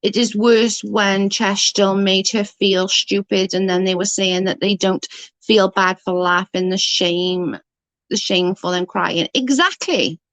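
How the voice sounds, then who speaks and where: A woman's voice: medium pitch, fairly even intonation, unhurried, fairly bright tone, no echo. A woman ranting in outrage on a live stream, answering chat as she goes.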